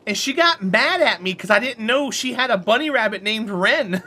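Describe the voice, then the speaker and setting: A man's voice: high voice, lively intonation, normal speed, pushed and bright. A man streaming a game and chatting casually with his viewers, friendly and talkative, answering chat by name and laughing often.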